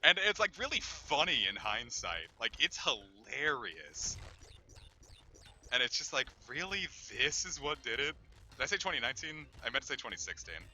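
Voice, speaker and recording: A man's voice: on the low side, sharp tone. A man casually commenting while streaming a game, candid and rambling, with lots of fillers and swearing. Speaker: let's play streamer.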